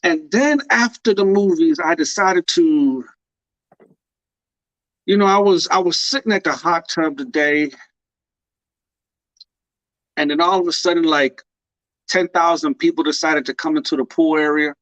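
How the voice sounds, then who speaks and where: A man's voice: a little high, unhurried, long pauses, fairly bright tone, no echo. A man co-hosting a casual podcast, telling a story in a playful, mock-tearful way. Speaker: podcast co-host. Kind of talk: casual chat.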